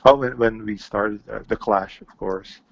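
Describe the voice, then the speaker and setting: A man from the Philippines, a guest musician, chatting in a relaxed way and laughing often. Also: fairly low pitch, unhurried, gravelly, crowd noise. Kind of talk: casual interview. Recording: muffled lo-fi.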